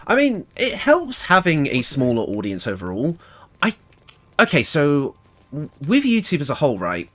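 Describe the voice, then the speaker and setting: A man's voice: fairly high pitch, wildly swooping pitch, normal speed, fairly bright tone. A man with a British accent chatting casually while streaming a game, thinking aloud and laughing often. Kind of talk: casual gameplay livestream commentary.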